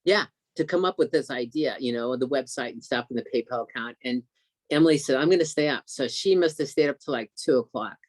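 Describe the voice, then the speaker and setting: A man telling an excited, emotional story as a guest on a video call, acting out what others said. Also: medium pitch, a little fast, dry recording. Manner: excited, emotional storyteller who acts out quotes.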